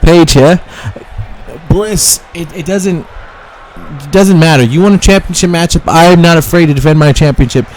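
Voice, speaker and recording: A man's voice: on the high side, moderate pace, a little mellow, soft background music, natural voice. A man voicing a blunt, fearless woman wrestling champion accepting a title challenge. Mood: defiant.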